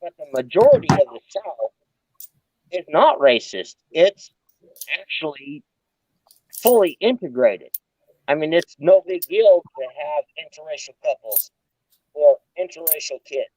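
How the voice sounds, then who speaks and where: A man in casual chat, speaking calmly and reasoning things out. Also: fairly high pitch, measured pace, long pauses, dry recording. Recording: dull dry mic.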